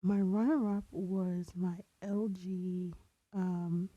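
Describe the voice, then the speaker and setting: Young female podcast co-host: slow, husky, dark-toned, chatting casually, trails into breathy asides while recalling details. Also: lowish voice, steady tone, no echo, lo-fi sound. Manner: rambling, searches aloud, drops into breathy asides. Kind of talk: casual chat.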